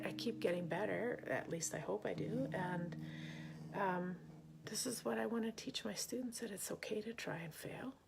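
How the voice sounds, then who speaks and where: A woman musician and teacher chatting casually on a live video, often dropping into a soft half-whisper as she muses. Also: mid-range voice, gravelly. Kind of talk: casual live-stream talk.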